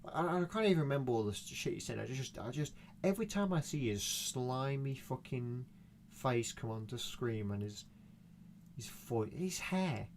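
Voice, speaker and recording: A young man talking to himself, wandering from topic to topic with lots of swearing and sudden animated jumps. His voice sits in an ordinary middle male pitch. It is a casual home recording with a faint hum behind him. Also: moderate pace. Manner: profane, meandering, animated rants. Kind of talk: rambling solo monologue.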